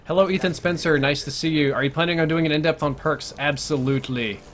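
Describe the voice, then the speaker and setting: Talking quickly with a slightly high voice and fairly even intonation, a young adult streamer muses aloud during gameplay and fields questions from his viewers between plays.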